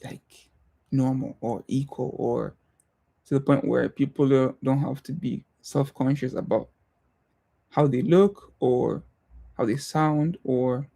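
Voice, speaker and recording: Young male streamer, non-American accent, mellow tone, reflective and hesitant delivery. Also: mid-range voice, vocal fry. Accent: non-American English accent. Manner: thoughtful, hesitant, many pauses and restarts. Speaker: livestreamer. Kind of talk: casual reflective livestream talk.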